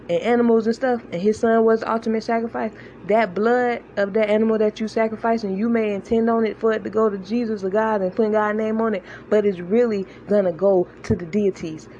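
A woman's voice: medium pitch, warm tone, muffled recording. Woman giving informal faith talk, earnest, keeps asking u get it, faint hiss behind her. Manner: earnest, conversational, repeats herself, checks in with listeners. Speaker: online faith encourager. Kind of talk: informal religious teaching monologue.

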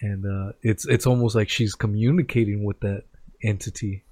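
Casting: male host, low voice, dry close sound, easygoing reactions. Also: normal speed, no room sound. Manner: relaxed, reacting with short remarks. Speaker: podcast host. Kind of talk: casual chat.

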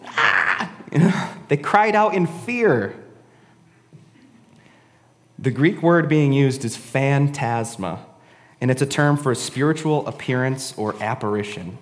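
A man's voice: medium pitch, big-room sound. A man giving a casual, conversational sermon, often adding "right?" and "honestly". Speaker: preacher.

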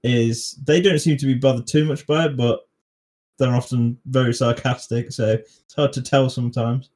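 A young man hosts a relaxed podcast conversation with a mid-pitched voice. He hesitates, restarts his sentences and laughs often. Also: normal speed. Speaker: podcast host. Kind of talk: casual chat.

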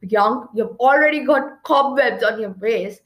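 A woman reading the part of a bossy, cheerful old male ghost uncle who talks in a booming, insistent way. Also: unhurried, lightly acted.

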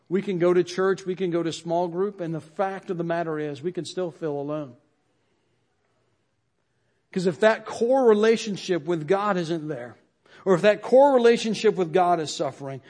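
A man with a fairly high voice delivers a sermon to his congregation. He speaks earnestly, repeats phrases for emphasis, and lets his voice sink at the close of each line. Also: darkish tone. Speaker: pastor.

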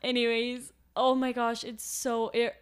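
A woman's voice: on the high side, monotone, a little slow, clean tone. A woman co-hosting a podcast, chatting casually in a heartfelt, emotional way and laughing often. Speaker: podcast co-host.

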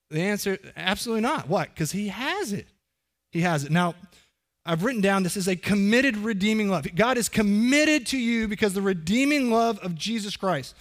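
A middle-aged man preaching a sermon as pastor, earnest and conversational, often putting questions to the congregation. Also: sits high.

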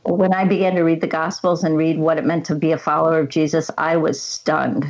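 Low, even-toned woman telling her story. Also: a little fast, dull audio. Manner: earnest, reflective storytelling. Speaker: interview guest. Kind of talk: personal faith testimony.

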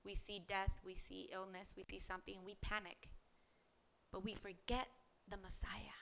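A woman's voice: mid-range voice, sharp tone, slight background noise. A woman preaching a podcast sermon, reading scripture aloud and asking earnest rhetorical questions.

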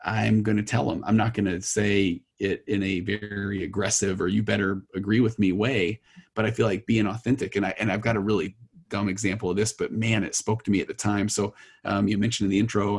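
A man's voice: fairly low pitch, darkish tone, breathy edge. A man guest on a podcast, talking earnestly and telling a long story with many restarts. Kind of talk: casual conversation.

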